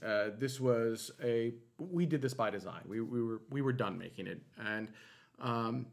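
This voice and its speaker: A man's voice: mid-range voice, unhurried, creaky. A man co-hosting a live online space show, chatting casually and explaining space news with plenty of fillers and restarts. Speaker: show co-host.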